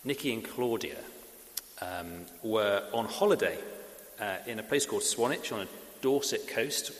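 A man preaching a sermon and leading a prayer, talking in a halting way with many fillers and restarts. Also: on the low side. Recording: echoey hall with faint hiss.

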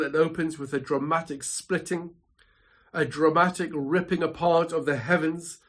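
A man preaching a sermon from his home study, measured and emphatic, building points through dramatic repetition. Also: on the high side. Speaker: pastor.

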